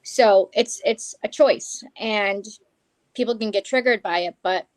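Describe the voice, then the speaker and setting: A woman guest on a live stream, talking earnestly and a little haltingly about her beliefs. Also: mid-range voice, dry recording. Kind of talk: casual live-stream chat.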